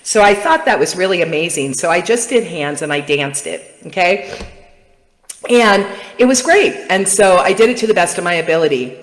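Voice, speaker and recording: A middle-aged woman telling a personal story to her viewers in a chatty, animated way. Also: on the low side, normal speed. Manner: chatty, animated, addresses audience as "you guys". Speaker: vlogger and coach. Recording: echoey room with long reverb.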